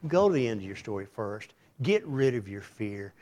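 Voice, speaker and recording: A man's voice: fairly low pitch, very animated, moderate pace, warm tone. Man preaching in a conversational tone. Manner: conversational preaching, dramatic quoted voices. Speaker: pastor. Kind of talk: sermon.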